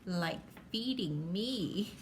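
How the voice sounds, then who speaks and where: A woman reading aloud gives voice to a knowing storybook cat who makes dry, deadpan remarks in a slightly lowered tone. The delivery stays slow and unhurried, with faint room noise behind. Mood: wry.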